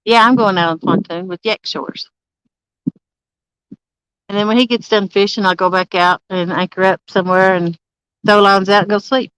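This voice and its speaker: Lady livestreaming from her campsite, smooth clear voice, dry close sound, laughs a lot. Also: mid-range voice, fairly even intonation, normal speed, long pauses, a bit bright, no room sound, poor audio. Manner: chatty, laughs often, greets viewers by name. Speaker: livestreaming angler. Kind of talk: casual live-stream chat. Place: campsite outdoors.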